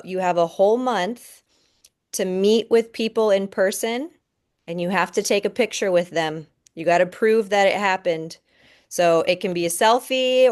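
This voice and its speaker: A woman with a smooth, clear voice leads her team over a video call. She sounds encouraging and upbeat, coaching them as she goes. Her voice sits a little low for a woman.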